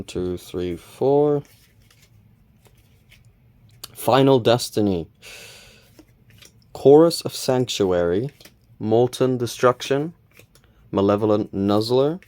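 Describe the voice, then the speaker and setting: Male host, low voice, relaxed unboxing chatter, counts and names each card. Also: clear, resonant tone. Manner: relaxed, reads card names aloud, counts cards, mild self-corrections. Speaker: channel host opening card packs. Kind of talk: casual unboxing commentary.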